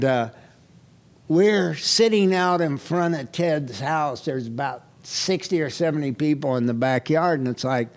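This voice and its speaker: A man speaking live at a recovery retreat, telling a candid personal story with self-mocking humor. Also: on the high side. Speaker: guest speaker. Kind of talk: recovery meeting share. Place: retreat hall, recorded live.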